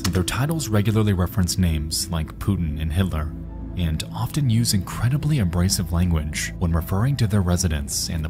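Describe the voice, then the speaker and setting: A man giving a measured, ominous scripted narration for an internet mystery video. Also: deep voice.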